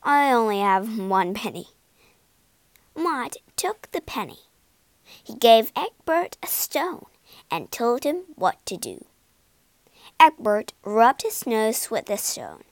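Slow, lively woman reading a storybook. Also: a little high, no room sound. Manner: slow, lively storytelling with big character voices. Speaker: storybook reader. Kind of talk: expressive storybook read-aloud.

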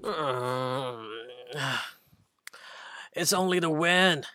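A woman voicing a gruff, sleepy big mouse who sighs and answers curtly, in a children's radio drama. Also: deep voice, very slow, bright, forceful tone, a little hiss or hum, full character voice. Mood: sleepy, dismissive. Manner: gruff, sighing and curt. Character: grumpy sleepy big male mouse, older brother.

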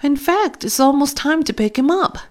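A woman voicing a brisk mother of young children in a storybook reading. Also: high voice, lively intonation, voice pushed up. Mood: calm. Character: busy mother of young kids.

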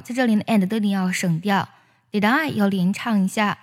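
A native Chinese-speaking woman teaches how to pronounce English song lyrics, explaining linked and dropped sounds before singing each line slowly. Her mid-range voice carries a big-room sound.

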